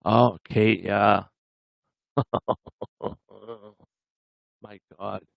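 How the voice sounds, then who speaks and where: A man's voice: fairly low pitch, fairly even intonation, drawn-out words, gravelly, dry recording. A man hosting a livestream, chatting casually with viewers in a rambling way and chuckling often. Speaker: livestream host.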